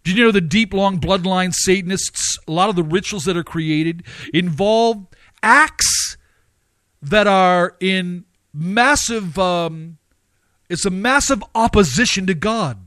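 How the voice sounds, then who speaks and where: A man with a high voice, preaching with emphatic force and piling up repeated phrases. He swings into sharp rising outbursts. The sound is dry and close, with no room around it. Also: slow pace, no echo. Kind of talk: sermon.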